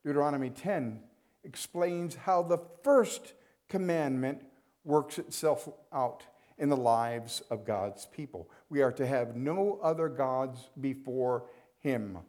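Slow, emphatic preaching man. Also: mid-range voice, darkish tone. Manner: emphatic, repeats phrases for weight. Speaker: pastor. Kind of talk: sermon.

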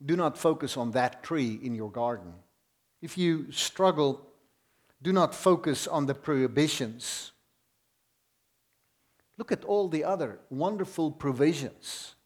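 A man delivering a sermon with earnest emphasis, drawing out key words for weight. His voice sits a little high for a man. He speaks at a slow, deliberate pace. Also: animated. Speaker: preacher.

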